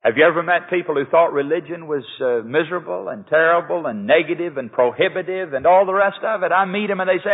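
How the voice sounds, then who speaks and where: Male pastor, earnest conversational sermon, fairly high voice, tinny recording with long hall echo. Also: fast talker, husky. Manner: earnest, conversational preaching with rhetorical questions. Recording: echoey hall over a tinny lo-fi line.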